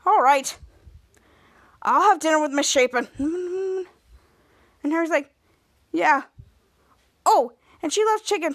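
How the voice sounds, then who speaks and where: A woman's voice: sits high, fairly bright tone, no room sound, studio quality. A woman podcast host casually recapping a TV episode, retelling scenes with lots of quoted lines.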